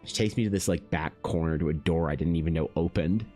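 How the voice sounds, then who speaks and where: A young man from Canada with a very low, deep voice tells a rambling story on his art stream. He talks in an animated, casual way, swearing freely and restarting sentences, while faint music plays underneath. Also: fast talker. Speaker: artist streamer.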